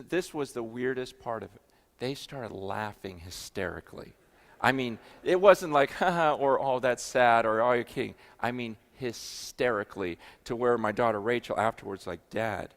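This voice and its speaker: A man preaching a sermon, telling a story with many restarts and moving from hushed, low passages to loud, excited ones. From United States. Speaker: pastor.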